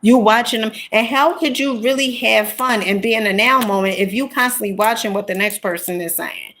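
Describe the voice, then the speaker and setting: Animated woman telling stories, higher voice. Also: fairly quick. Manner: animated, emphatic, peppered with "honey" and "okay?". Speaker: content creator. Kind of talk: casual storytelling monologue.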